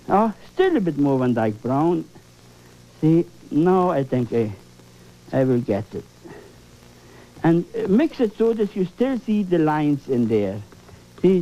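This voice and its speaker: An exuberant man teaches painting on an old TV show, his high voice swinging widely as he exclaims and coaxes. The tone is mellow, and the recording is dull and lo-fi. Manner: repeats phrases for emphasis. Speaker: painting instructor. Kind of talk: televised painting lesson.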